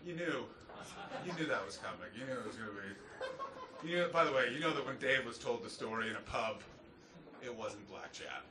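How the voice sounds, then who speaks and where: A man from Canada doing a stand-up routine on a club stage, swinging from muttered asides to shouted punchlines. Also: medium pitch, animated, normal speed. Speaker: stand-up comedian. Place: comedy club stage before a laughing audience. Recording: echoey club from a distance, noisy.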